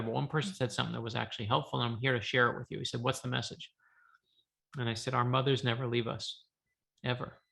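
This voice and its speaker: A man, an author, telling a lively story on a video call from his home office, acting out the dialogue. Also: medium pitch, vocal fry. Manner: lively anecdotal, acts out dialogue. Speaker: author guest. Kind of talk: animated storytelling.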